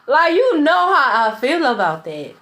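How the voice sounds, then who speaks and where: High, lively-voiced ranting woman. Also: measured pace. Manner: blunt, profane, repeats herself. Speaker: tarot reader. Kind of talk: casual ranting monologue.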